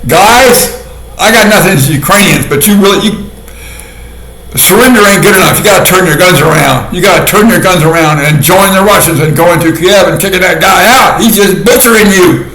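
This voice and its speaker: A man talks through a casual commentary with a sardonic edge and keeps breaking into laughter at his own dark jokes. His voice sits fairly high, and the sound rings around an echoey room. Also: fairly quick. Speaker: video commentator.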